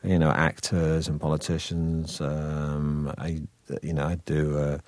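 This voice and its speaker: Man, very deep voice, anecdotal, halting, dry studio. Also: flat delivery, a little mellow, no echo. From Britain. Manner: anecdotal, self-interrupting, chuckling. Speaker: guest, comic actor. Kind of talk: casual interview chat.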